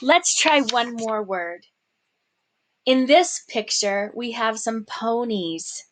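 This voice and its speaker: A woman's voice: a little high, slow pace, a bit bright, dry recording. A woman teaching a phonics lesson, carefully sounding out words and encouraging the learner, sometimes whispering a word as she repeats it. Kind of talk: slow, clear phonics lesson.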